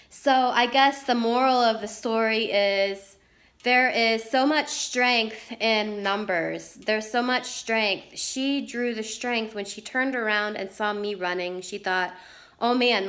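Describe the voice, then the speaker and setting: A woman's voice: medium pitch, a bit bright. Earnest storytelling woman vlogger. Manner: earnest, storytelling, repeats herself for emphasis. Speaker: writer vlogger. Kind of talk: candid personal vlog rant.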